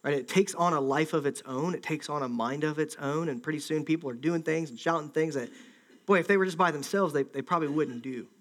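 A man's voice: fairly high pitch, brisk, a bit bright. A man preaching a conversational sermon, acting out the voices of an angry crowd. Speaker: pastor.

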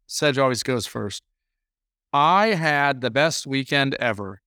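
A man co-hosting a podcast, telling a long story in a rambling, animated way during casual chat. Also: medium pitch, slow pace, clean tone, no room sound, clean studio sound. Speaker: podcast co-host.

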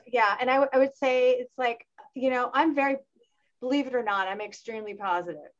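A panel guest in a casual discussion talks animatedly, acting out the voices of the people she quotes. Her voice is a little high and brisk, and the sound is lo-fi.

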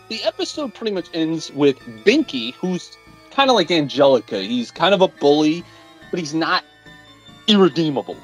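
A podcast co-host with a husky edge to the voice, chatting casually and swinging widely up and down in pitch while spinning a story. The delivery is blunt and animated, with casual swearing mixed into the talk. Faint music sits underneath. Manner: animated storytelling, retelling a plot with mock voices.

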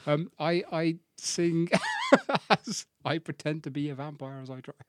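A man's voice: a little high, measured pace, dry recording, clean studio sound. A young man co-hosting a podcast, chatting casually, rambling and laughing at himself. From England. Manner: giggly, rambling, self-mocking. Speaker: podcast co-host. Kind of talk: casual chat.

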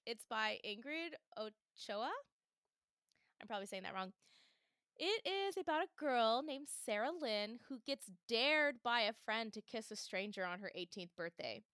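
A young adult woman hosting a casual fandom podcast, animated and laughing often as she acts out her reactions. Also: on the high side, a little slow, clean tone, no echo, studio quality. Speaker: podcast host. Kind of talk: casual chat.

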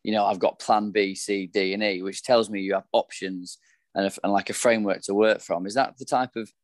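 A male podcast host with a fairly low voice asks his guest questions. He circles and repeats words while framing them. The recording is dry, with little room sound. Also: steady tone, brisk, dry recording. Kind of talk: casual podcast interview.

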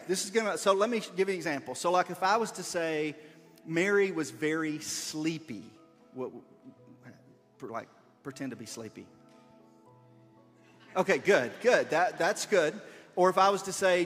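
Man, high voice, playful and encouraging, reads the story and directs the volunteers, big echoey room. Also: a bit bright. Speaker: leader of a children's skit. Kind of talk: reading a story aloud while directing volunteers. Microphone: wearing a body mic.

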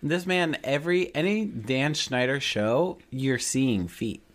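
A man co-hosting a podcast in casual chat, cracking jokes and throwing in loud side comments. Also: medium pitch, slow pace. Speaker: podcast co-host.

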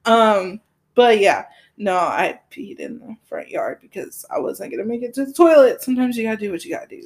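A woman's voice: medium pitch, sing-song, fairly quick, darkish tone. A woman podcast co-host, telling rambling stories in casual chat and giggling often.

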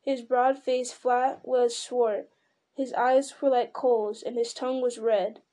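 A woman's voice: a little high, level tone, slow, dark tone. A woman reading a fantasy novel aloud in dramatic storytelling style, with occasional slips and restarts. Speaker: reader.

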